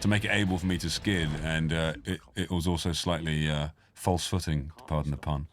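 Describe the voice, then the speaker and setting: A man's voice: a bass voice, steady tone, a little fast. A man chatting in a film commentary, with dry, teasing banter. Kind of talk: casual audio commentary chat. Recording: faint music behind.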